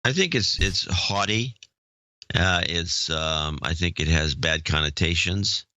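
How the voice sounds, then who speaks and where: A wry podcast co-host with a low voice. His tone is sharp and bright. The recording is close and dry. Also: a little slow, dry recording, highs cut off. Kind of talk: casual talk.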